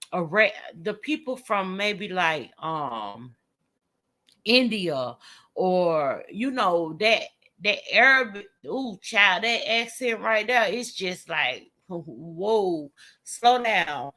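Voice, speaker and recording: A woman hosting a casual live stream, talking bluntly with plenty of cursing and laughter. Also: mid-range voice. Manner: blunt, profane and animated, with laughter and drawn-out asides.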